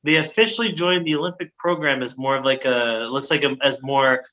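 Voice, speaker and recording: A man's voice: mid-range voice, brisk, bright, forceful tone, poor audio. A man co-hosting a casual sports history podcast, full of fillers and laughing at his own pronunciation. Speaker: podcast co-host.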